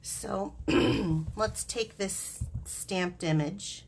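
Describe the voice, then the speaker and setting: A woman's voice: medium pitch, very slow, a little hiss or hum. A woman hosting a live craft demonstration, chatty and giggly, explaining each step as she works.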